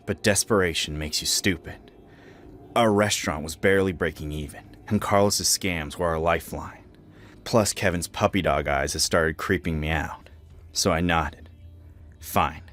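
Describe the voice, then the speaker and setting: Deep-voiced man narrating horror. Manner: dramatic, expressive storytelling.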